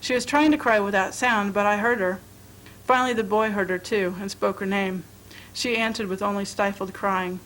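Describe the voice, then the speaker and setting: A woman reading a short story aloud as narrator, in a measured, expressive way. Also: mid-range voice, a little hiss or hum, rough recording. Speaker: reader at a library reading.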